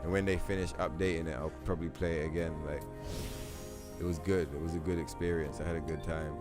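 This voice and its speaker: A man's voice: deep voice, fairly even intonation, fast talker. A young man hosting a gaming livestream, chatting casually in a loose, rambling, profane way full of fillers. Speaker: livestream host. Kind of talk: casual gaming stream chat. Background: game music.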